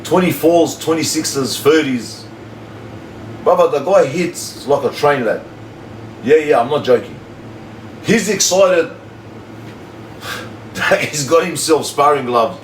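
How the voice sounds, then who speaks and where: A man streaming live tells his viewers a story, slowly and with many pauses, in a voice on the high side. His delivery is animated, slangy, and repetitive, like casual chat. The audio sounds echoey, the mic a bit far off, with a faint hum.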